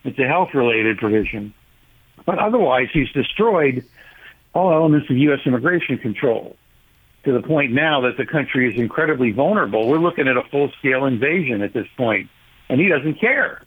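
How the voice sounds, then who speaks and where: A man phoning in to a radio show, his husky voice squeezed through a narrow telephone line. He argues forcefully, with sardonic jabs, at a middling pitch. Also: animated, brisk. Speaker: caller, policy advocate. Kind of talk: talk radio phone-in. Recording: tinny phone line.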